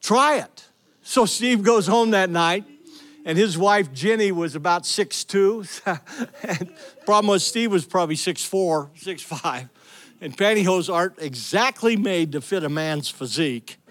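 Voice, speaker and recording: A man's voice: high-pitched, a little slow. A middle-aged male pastor preaching a sermon, telling stories with energy and calling out to the congregation. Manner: energetic storytelling, calls out to the congregation.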